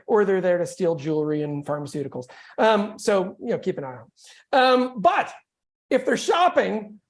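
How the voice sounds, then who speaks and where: Upbeat joking man teaching on a call. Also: sits high. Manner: energetic, joking, conversational. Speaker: real estate coach.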